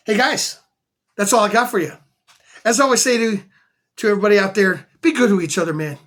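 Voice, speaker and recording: A man's voice: high-pitched, a little fast, a bit bright. A man showing off his flea market finds in a casual vlog, enthusiastic and chatty, repeating words for emphasis. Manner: chatty storyteller. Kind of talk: casual show-and-tell vlog.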